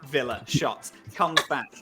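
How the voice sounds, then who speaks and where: A man's voice: mid-range voice, takes it slowly, over music. A man playing a tabletop game, describing his character in a rambling way with many fillers. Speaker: player.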